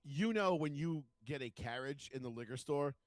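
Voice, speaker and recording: A man's voice: a little high, expressive, moderate pace, dry recording. A man, telling stories in casual podcast chat and swearing freely. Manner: storytelling, swears freely, acts out quotes. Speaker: podcast co-host.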